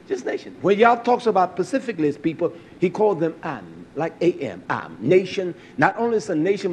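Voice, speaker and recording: High-voiced preaching man, loud then hushed. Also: a little hiss or hum. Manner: swings from loud rising preaching to low quiet storytelling. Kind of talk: sermon.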